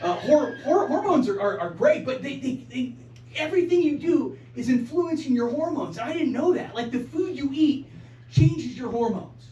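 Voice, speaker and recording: A man's voice: very high voice, lively intonation, normal speed, dark tone, lo-fi sound, slight background noise. A man performing a stand-up comedy set in a small club, stammering and repeating words in a self-mocking way, with the audience laughing behind him. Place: small improv club stage. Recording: roomy live club sound from far off.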